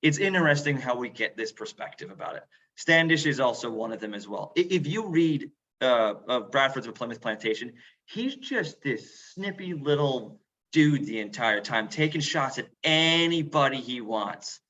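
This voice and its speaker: On a video call, a man acting as a museum role-player answers questions in a loose, casual Q&A, full of fillers and restarts, with a put-on northern English accent. His medium-pitched voice is bright and forceful, with lively intonation at a moderate pace, over dull lo-fi call audio.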